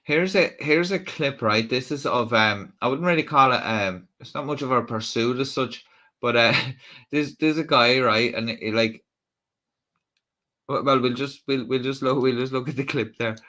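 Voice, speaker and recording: A man rambles through live-stream commentary on police footage, stopping and restarting his thoughts with dry, joking asides. His voice is bright and forward, sitting at an ordinary pitch. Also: normal speed. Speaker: streamer reacting to police clips.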